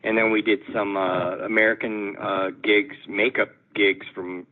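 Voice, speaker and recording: A man's voice: fairly low pitch, little pitch movement, measured pace. A man, a musician, telling a story in a casual, amused way in an interview. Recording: tinny phone-like audio.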